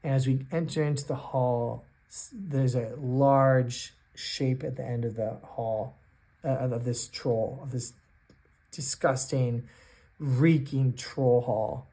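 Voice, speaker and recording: A man narrating his own solo tabletop game, thinking aloud in a halting way with many restarts. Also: mid-range voice, steady tone, mellow. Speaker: solo game master and player. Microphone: self-recorded on camera.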